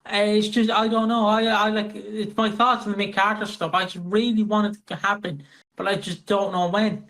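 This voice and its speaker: A man co-hosting a casual podcast, rambling and excitable with heavy swearing. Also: high-pitched, normal speed, rough recording. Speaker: podcast co-host.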